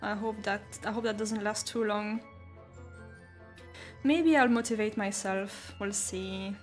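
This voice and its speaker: A woman's voice: medium pitch, takes it slowly, faint music behind. A young woman streaming while painting, chatting casually and reading out chat messages with frequent giggles.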